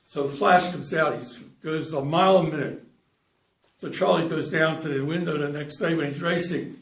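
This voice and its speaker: A man's voice: fairly high pitch, steady tone, normal speed, vocal fry, a bit bright. An older man telling jokes to an audience, often stammering and repeating words as he goes. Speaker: joke teller. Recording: echoey room, far from mic.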